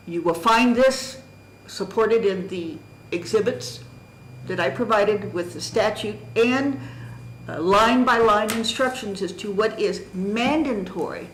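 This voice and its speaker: A woman's voice: medium pitch, a little slow, fairly bright tone, roomy sound, slight background noise, poor audio. A woman giving formal public testimony at a county board meeting, presenting a challenge methodically and emphatically while reading from documents. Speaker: citizen presenting a candidacy challenge. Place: county government meeting room.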